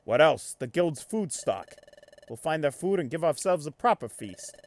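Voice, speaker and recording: A man voicing a gruff, scheming male skunk gang boss, reading game dialogue aloud in a lowered voice. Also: big pitch swings, moderate pace.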